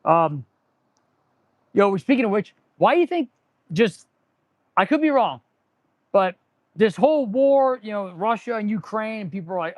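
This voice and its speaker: A man's voice: high-pitched, expressive, a little slow, long pauses, dry recording, highs cut off. A man who runs a repair shop, hosting a casual live stream. He rambles and rants sarcastically and restarts his sentences often. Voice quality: sarcastic, rambling, talks with his hands on tools. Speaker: auto mechanic and channel host. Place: auto repair shop, indoors.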